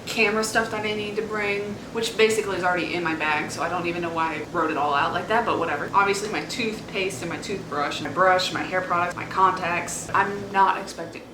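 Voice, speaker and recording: A woman's voice: lowish voice, a little fast, few pauses. A young woman from Virginia chatting casually to her phone camera in a rambling, self-mocking way. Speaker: vlogger. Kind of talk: casual vlog chat. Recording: echoey room with background noise.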